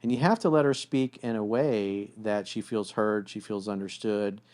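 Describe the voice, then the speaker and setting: A man's voice: lowish voice, moderate pace. A man giving relationship advice in a blunt, casual way, often acting out what partners say to each other. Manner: blunt, animated, acts out quoted voices. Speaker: relationship coach.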